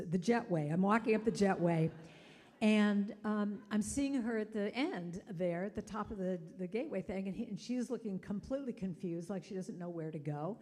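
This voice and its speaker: A middle-aged woman giving a chatty sermon, telling stories and acting out quotes. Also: medium pitch. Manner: chatty, animated storytelling with acted-out quotes. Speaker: guest speaker. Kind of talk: sermon storytelling. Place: church sanctuary.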